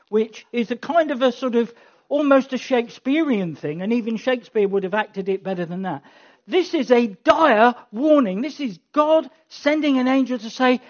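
A preacher delivers a sermon in a chatty, wry way, turning emphatic and passionate at key points. The voice sits at a middling pitch. The recording sounds somewhat dull and lo-fi. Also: normal speed. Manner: conversational, wry asides, rising to emphatic passion. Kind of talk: sermon with closing prayer.

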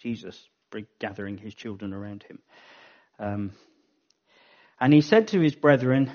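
A man's voice: fairly low pitch, animated, normal speed, long pauses. A man giving a Bible teaching talk, thinking aloud and correcting himself as he goes. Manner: thinking aloud, frequent ums and self-corrections. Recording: dull lo-fi recording.

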